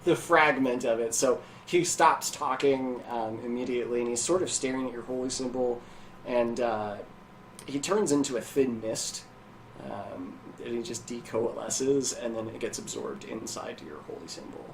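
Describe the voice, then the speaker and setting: A man's voice: mid-range voice, moderate pace, roomy sound, slight background noise, poor audio. A man narrating as game master of a tabletop game, loose and joking, with some swearing.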